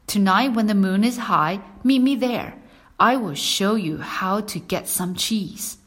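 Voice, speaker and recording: A woman's voice: medium pitch, unhurried, a bit bright. A woman voicing a clever little storybook lamb. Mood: clever, coaxing. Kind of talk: children's story reading.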